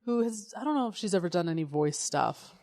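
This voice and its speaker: A woman's voice: fairly low pitch, expressive, brisk, dark tone. A woman co-hosting a casual podcast chat, talking frankly and emphatically and swearing freely. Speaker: podcast co-host.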